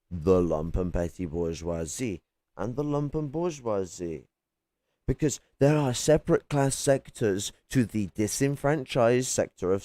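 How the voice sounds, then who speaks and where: Man, lowish voice, dry close sound; combative, sarcastic streamer lecturing his chat. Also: darkish tone, dry recording. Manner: swears casually. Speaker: political streamer debating chat. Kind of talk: heated live-stream argument. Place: home at night.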